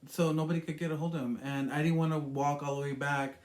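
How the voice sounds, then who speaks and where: A man's voice: on the high side, steady tone, quick pace, a little mellow. A man telling a personal story in a rambling, emotional way, with many fillers and repeated words. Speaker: vlogger. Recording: echoey room.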